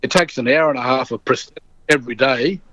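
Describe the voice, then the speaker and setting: A man's voice: mid-range voice, a little fast, fairly bright tone, no echo, muffled recording. A middle-aged Australian man telling an anecdote as an interview guest, acting out the voices of the people in his story.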